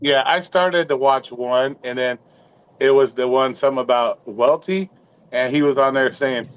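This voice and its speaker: A man hosts a relaxed live-stream chat, joking around and swearing casually. His voice is smooth, medium-pitched, and at a normal speed, captured in a dry, dull, lo-fi recording.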